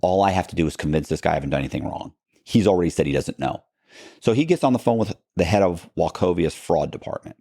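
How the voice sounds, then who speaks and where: A man recounting his past as a podcast guest, telling it with lots of quoted back-and-forth and quick restarts. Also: deep voice, vocal fry, no room sound, clean studio sound. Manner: animated retelling with quoted dialogue and frequent restarts. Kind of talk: storytelling in a long-form interview.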